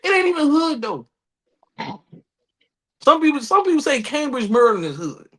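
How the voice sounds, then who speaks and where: A man's voice: extremely high pitch, very animated, moderate pace, fairly bright tone. A man with a DC-area accent, co-hosting a podcast in casual, profane chat and acting out other people's voices. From Washington DC area. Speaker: podcast co-host.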